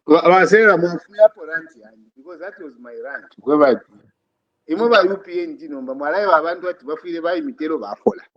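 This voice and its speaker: A Zambian man on a podcast, pressing a co-host again and again in a teasing rant. His voice sits high for a man, and he weaves local words into his English. He is needling and relentless. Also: quick pace, highs cut off. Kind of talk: casual teasing chat.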